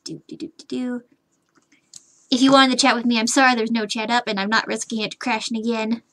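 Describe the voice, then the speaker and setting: Fast and steady, a woman's slightly high, a bit bright voice runs through her live drawing stream chatter. She rambles to herself, humming and muttering while working, and swears casually at her computer when frustrated.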